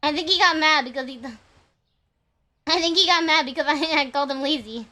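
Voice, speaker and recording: A young woman streamer chatting casually to her viewers while gaming, playful and crude and quick to laugh. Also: sits high, sharp tone.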